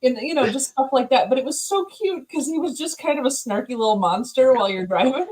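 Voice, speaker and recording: A woman chatting casually over drinks, animated and giggly as she tells stories. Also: sits high, a little fast, poor audio. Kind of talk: casual chat over beers.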